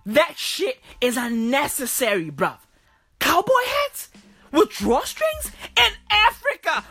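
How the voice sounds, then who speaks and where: A woman delivering a crude, profane comedic rant, repeating herself and bursting into loud, exasperated shouts. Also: high voice, very animated, slow pace, no room sound, soft background music. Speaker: comedic ranter.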